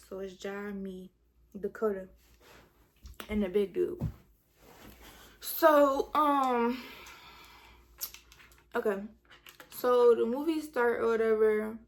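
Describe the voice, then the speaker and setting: Slangy woman telling a storytime. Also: medium pitch. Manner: slangy, animated storytelling with many fillers. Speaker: vlogger. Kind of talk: casual storytime.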